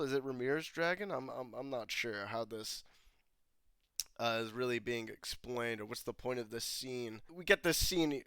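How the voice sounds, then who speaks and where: A man's voice: fairly high pitch, sharp tone, clean tone, dry recording. A young man casually breaking down a TV episode, rambling, swearing freely and laughing often. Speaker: YouTube show reviewer.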